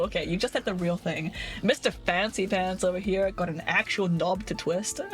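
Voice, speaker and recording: A young woman from New Zealand with a New Zealand accent, a giggly streamer chatting casually with her viewers from her desk. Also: medium pitch. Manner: giggly, chatty, laughs constantly. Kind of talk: casual chat with livestream viewers.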